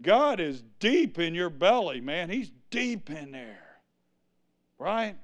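Male preacher, high voice, deliberate pace, loud-soft swings. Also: big pitch swings. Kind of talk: sermon. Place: church.

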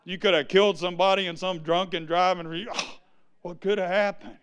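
A male preacher giving an exuberant sermon, breaking into sudden shouts and asking the congregation to answer him. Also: high voice, fairly even intonation, fairly quick, clear, resonant tone.

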